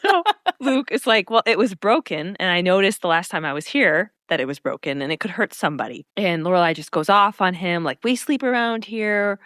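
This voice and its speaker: A woman co-hosting a casual podcast, retelling episodes with lively swoops in her voice. She keeps jumping into characters' lines. The recording is dry and close. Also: on the low side, a little fast, hardly any pauses, no echo. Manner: animated, acts out characters' lines while retelling scenes. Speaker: podcast co-host. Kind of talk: casual recap chat.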